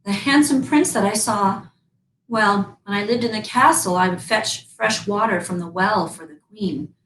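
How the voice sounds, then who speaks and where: A woman in costume as a fairy-tale princess, telling a story to children in a sweet, animated way and coaxing them to join in. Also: mid-range voice, moderate pace. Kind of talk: interactive storytelling in character for kids. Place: museum room. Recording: roomy, from far off, faint background noise.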